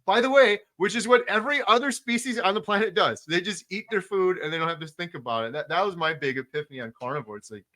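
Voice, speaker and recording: A man's voice: high voice, lively intonation, fast talker, few pauses, sharp tone. A man hosting a casual interview, talking with enthusiastic emphasis, piling up repeated words and fillers. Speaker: podcast host.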